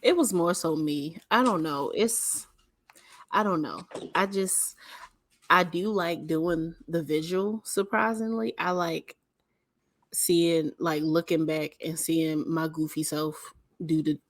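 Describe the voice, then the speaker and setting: A woman hosting a casual podcast chat, with a soothing, mellow, slightly raspy voice. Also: low voice, slow pace, dry recording. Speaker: podcast host.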